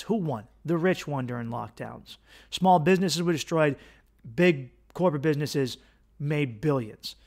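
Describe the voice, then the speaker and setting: A man hosting his own podcast, delivering a casual, opinionated monologue with profanity and sarcastic asides. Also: fairly high pitch. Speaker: podcast host, comedian.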